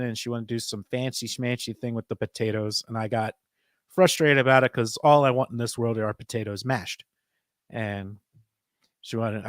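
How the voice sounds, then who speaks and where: A man co-hosting a casual chat show, slightly hoarse, telling animated stories and laughing often. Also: medium pitch, no room sound, studio quality. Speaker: podcast co-host.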